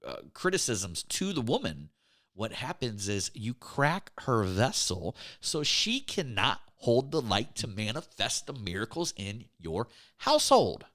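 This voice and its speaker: A relationship speaker gives a motivational faith talk on relationships in a medium-pitched, slightly bright voice. He takes his time but swings hugely in pitch, repeating words emphatically and often calling his listeners his friends.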